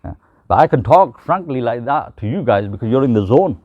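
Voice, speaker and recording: British Muslim preacher, dry muffled sound. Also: male voice, mid-range voice, expressive, brisk, no room sound. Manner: storytelling with acted quotes, mixing English with Gujarati and Urdu phrases. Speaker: Islamic preacher. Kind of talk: informal religious talk to a group. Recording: dull, muffled, dry recording.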